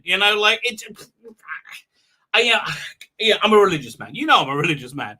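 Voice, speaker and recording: A man hosting a casual livestream, chatting with viewers in a rambling, excitable way and laughing often. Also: high voice, quick pace. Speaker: livestream host; rabbi. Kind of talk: casual live-stream chat reading viewer comments.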